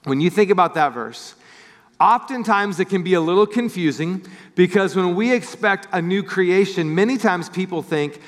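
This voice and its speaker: A man's voice: high-pitched, normal speed. A man preaching a sermon as pastor, telling a story and acting out the people in it. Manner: storytelling, animated voices for quoted people. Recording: church hall with long reverb.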